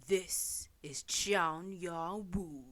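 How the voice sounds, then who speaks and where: A woman voicing a solemn male narrator, reading a comic story aloud in a low dramatic delivery. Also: drawn-out words.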